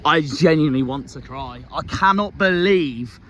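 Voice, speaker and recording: A man's voice: on the high side, normal speed, bright, forceful tone, lo-fi sound, a little hiss or hum. A man, a football fan vlogger ranting outdoors by a marina, angry and despondent, with swearing. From South West England. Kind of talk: fan rant vlog.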